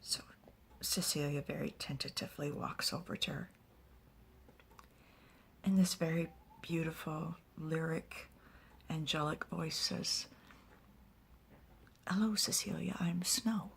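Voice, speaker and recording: A woman narrating a fantasy story in soft, whispered ASMR storytelling with small asides. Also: deep voice, little pitch movement, a little slow, creaky.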